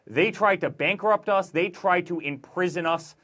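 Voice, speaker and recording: A man in his forties, a guest author in a political interview, talking emphatically in rapid-fire lists. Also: sits high, fairly bright tone.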